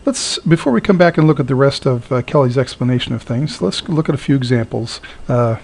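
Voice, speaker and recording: A man teaching a recorded lesson, halting with frequent fillers and repeating words slowly to model their sound. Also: mid-range voice, expressive, vocal fry, a little mellow. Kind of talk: recorded lecture.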